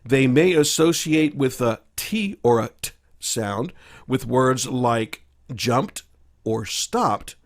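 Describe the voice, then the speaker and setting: A man with a mid-range voice, talking through a recorded teaching lesson. He explains each point in turn, pausing on fillers and correcting himself now and then as he goes. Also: medium pitch.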